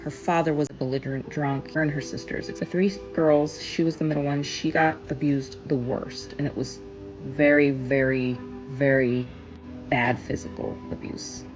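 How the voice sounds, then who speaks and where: A woman telling a personal story in an earnest, emphatic way, pausing on stressed words. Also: a bass voice, level tone, a little mellow, faint music behind, poor audio.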